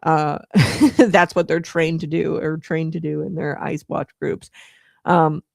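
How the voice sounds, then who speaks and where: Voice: medium pitch, flat delivery, takes it slowly, creaky, dry recording. Rambling commentary host, dry close sound. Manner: rambling, filler-heavy, laughs often. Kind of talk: casual political commentary.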